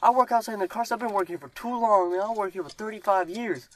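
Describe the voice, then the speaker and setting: A man voicing a loud older male cart worker who still lives with his mom, yelling in a high, strained voice. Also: fast talker, no echo, natural voice. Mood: chummy.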